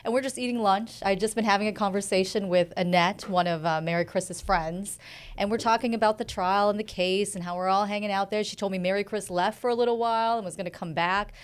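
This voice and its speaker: A woman reporter telling an animated story, acting out quotes with big jumps in pitch. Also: fast, smooth. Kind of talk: animated anecdote.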